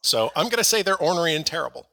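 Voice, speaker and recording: A man's voice: a little high, expressive, racing, gravelly, pushed and bright. A man on a comedy podcast panel, rambling through jokey overstatements in casual chat.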